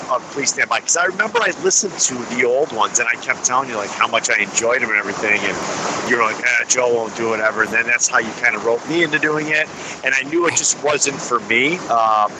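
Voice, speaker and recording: A man's voice: medium pitch, noisy background. A man rambling in a casual recorded voice message, full of fillers and swearing. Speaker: friend sending a recorded message.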